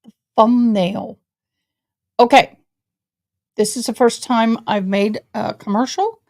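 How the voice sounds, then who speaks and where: A livestream host from Tennessee talks slowly in a slightly high, somewhat mellow voice with fairly even intonation. Chatting casually from her home office, she seems a bit tired and addresses viewers as "y'all."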